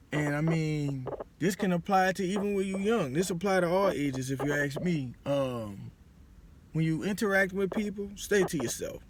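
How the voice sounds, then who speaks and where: A man's voice: fairly high pitch, background noise. A man in his forties with a New Orleans accent, giving casual life advice to a phone camera in a loose, conversational way. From New Orleans, Louisiana. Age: 40s. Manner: loose and conversational, with frequent "you know what I'm saying". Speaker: vlogger.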